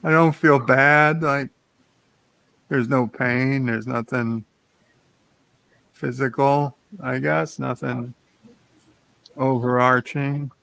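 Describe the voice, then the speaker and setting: A tired, sleepy man chatting casually on a morning show, speaking haltingly with many pauses. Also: mid-range voice, steady tone, creaky, a bit bright, no echo.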